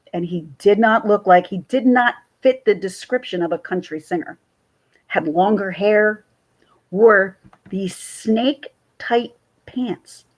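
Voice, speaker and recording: A woman's voice: medium pitch, rough recording. A woman, rambling chattily to her chat while hosting a casual livestream. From central New Jersey. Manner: rambling and chatty, jumps between stories. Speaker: livestream host.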